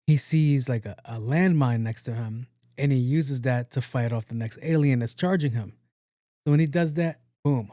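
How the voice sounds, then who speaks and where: A man's voice: medium pitch, dark tone, no room sound, clean studio sound. A man hosting a podcast, recapping a movie in a rambling, profane, casual way and acting out the characters' lines. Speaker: podcast host.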